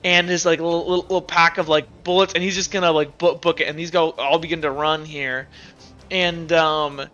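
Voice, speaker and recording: Brief: a high, bright-voiced man running a tabletop game, slightly dull recording. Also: little pitch movement, fairly quick, soft background music. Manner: rambling, full of fillers. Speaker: game master.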